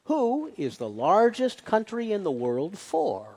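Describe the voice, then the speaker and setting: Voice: mid-range voice, wildly swooping pitch, slow pace, dark tone, husky, big-room sound. A speaker giving a lecture-style public talk to an audience, posing rhetorical questions and stressing key points. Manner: poses rhetorical questions, emphatic. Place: large hall with an audience.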